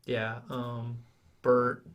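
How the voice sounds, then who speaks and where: A man's voice: mid-range voice, monotone, extremely slow, fairly bright tone. A man co-hosting a podcast, chatting in an easygoing, joking way with loose phrasing. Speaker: podcast co-host. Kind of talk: casual chat.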